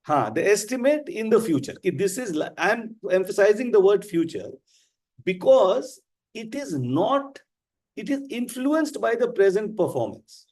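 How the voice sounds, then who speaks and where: A man with an Indian English accent teaching a live class, explaining slowly and with emphasis. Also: high-pitched, sing-song, darkish tone. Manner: slow, deliberate, emphatic explaining. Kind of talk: live online class lecture.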